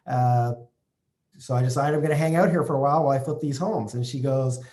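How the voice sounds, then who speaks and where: A real estate investor from Canada, telling a personal story to camera in a halting way, full of fillers and restarts. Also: male voice, mid-range voice, a little mellow.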